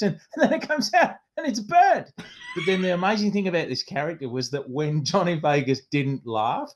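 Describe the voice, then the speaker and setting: A man co-hosting a casual podcast, telling stories in an animated way and laughing often. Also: high voice, moderate pace. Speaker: podcast co-host. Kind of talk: casual chat.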